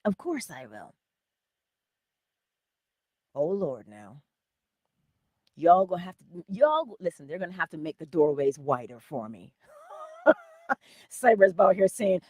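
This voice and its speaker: A woman hosting a motivational livestream, with a husky voice, laughing often and answering her chat. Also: deep voice, slow, pauses often, no room sound, clean studio sound. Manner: animated, laughing, talks to chat. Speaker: livestream host.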